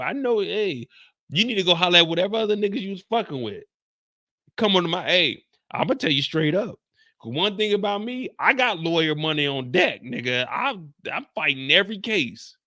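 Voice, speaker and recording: Loud, profane male recap host. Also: fairly high pitch, a little fast, dry recording. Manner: loud, profane, animated, acts out dialogue. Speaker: show host. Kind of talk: casual recap and storytelling.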